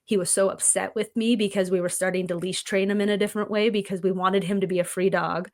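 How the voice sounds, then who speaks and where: A woman on a podcast, calmly and earnestly telling a reflective personal story. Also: mid-range voice, quick pace. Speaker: podcast guest. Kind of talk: conversational podcast chat.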